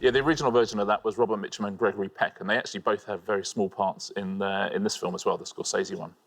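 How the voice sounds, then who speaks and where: A man's voice: lowish voice, fairly even intonation, racing, creaky. A man co-hosting a quiz, explaining rules and adding trivia in a dry manner. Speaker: quiz co-host.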